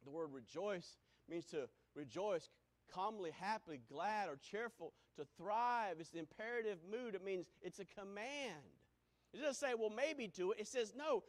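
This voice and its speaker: A man preaches a sermon, swinging between booming exclamations and hushed lines and breaking into sung phrases from hymns.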